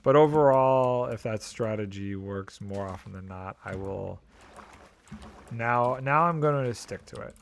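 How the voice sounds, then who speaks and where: Gravelly man musing through a game stream. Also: lowish voice, a little slow, fairly bright tone. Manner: musing aloud, mildly exasperated, joking. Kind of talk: casual gameplay commentary.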